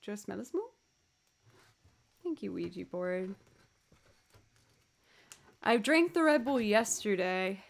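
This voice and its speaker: A woman's voice: medium pitch, expressive, takes it slowly, gravelly, pauses often. A woman chatting casually on a livestream, tired and yawning, rambling and thanking viewers as she goes. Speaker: streamer and musician.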